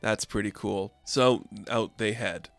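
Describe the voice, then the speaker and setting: A man's voice: on the low side, slow, fairly bright tone, no echo. A man recapping a comic book in a casual, offhand and chatty way, full of fillers.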